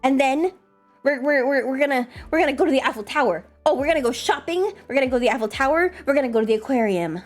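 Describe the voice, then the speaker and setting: A woman streamer chatting casually and fast, swearing a lot and answering her chat. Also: high-pitched, expressive, faint music behind.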